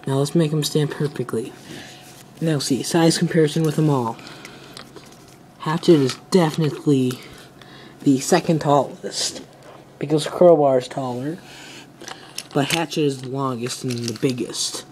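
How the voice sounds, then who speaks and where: A man's voice: a little high, steady tone, unhurried, long pauses, a little mellow, slight background noise. A teenage boy casually reviewing toys, rambling and trailing off as he talks. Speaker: toy reviewer.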